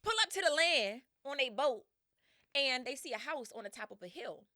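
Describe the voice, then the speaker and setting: Bright, lively woman storytelling podcast host. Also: sits high, normal speed, no room sound, studio quality. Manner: slangy, laughing, acts out voices in quotes. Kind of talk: animated casual storytelling.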